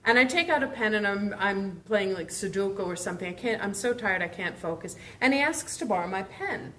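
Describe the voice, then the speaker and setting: A woman author telling an animated, laughing anecdote at a live evening event. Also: mid-range voice, fairly quick, slight background noise. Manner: animated, laughing, acts out her own gushing fan voice. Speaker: author panelist. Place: event room.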